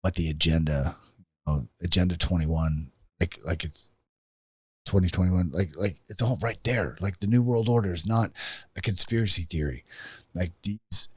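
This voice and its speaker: A man with a fairly low voice speaks bluntly as a podcast guest. He gives heated opinions in casual talk and swears. The mic is close and dry. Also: moderate pace, husky, no echo.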